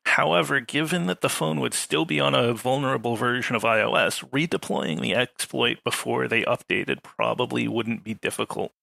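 Gravelly, bright-voiced man explaining calmly. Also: medium pitch, no echo. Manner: measured, explanatory, dry humor. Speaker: podcast panelist. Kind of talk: casual podcast discussion.

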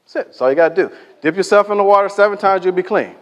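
A man's voice: sits high, racing, fairly bright tone, dull audio. A man preaching a sermon in a conversational, storytelling way, acting out the people he quotes. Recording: echoey hall reverb.

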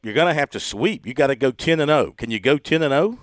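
A man's voice: medium pitch, lively intonation, fast talker, dry recording. A man hosts a sports radio segment in a jovial, teasing way, often chuckling as he reads out the betting lines. His voice sits in an ordinary middle register. It's recorded close and dry in a studio. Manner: jovial, laughs often while reading spreads. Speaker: radio sports show host. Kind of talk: casual radio chat.

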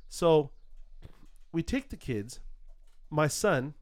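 Animated storytelling man, lively pitch. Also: normal speed. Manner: animated, acts out quotes with big pitch jumps. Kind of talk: casual storytelling chat.

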